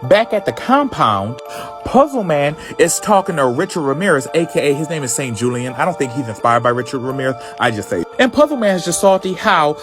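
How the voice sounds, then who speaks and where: A man casually recapping a comic book, telling it in a sassy, animated way full of slang. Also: on the high side, fairly quick, music in the background.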